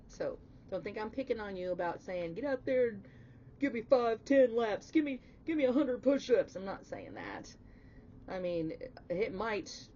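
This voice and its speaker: A woman's voice: on the low side, darkish tone, muffled recording, slight background noise. A woman giving a casual spoken tarot reading, emphatic and chatty, swearing bluntly and swinging into emotional outbursts. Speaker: tarot reader.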